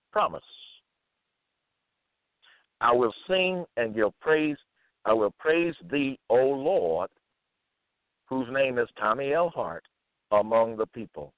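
A man reading scripture verses aloud and commenting on them, slowly repeating phrases with fillers between them. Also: medium pitch, dry recording. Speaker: self-styled preacher. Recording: tinny phone-like line.

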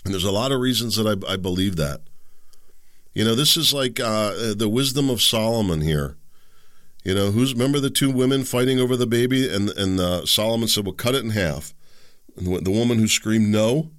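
Guy with a deep voice doing a solo opinion rant, rambly, keeps tripping on words and asking listeners stuff. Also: a little fast, fairly bright tone, no room sound, studio quality. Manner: rambling, frequent restarts and stumbles over words; conversational, asks the audience direct questions.

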